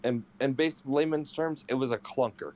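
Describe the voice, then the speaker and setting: A man's voice: medium pitch, moderate pace, a little mellow. A man chatting casually, telling wry, sarcastic anecdotes about his girlfriend. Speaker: streamer's boyfriend. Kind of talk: casual storytelling chat.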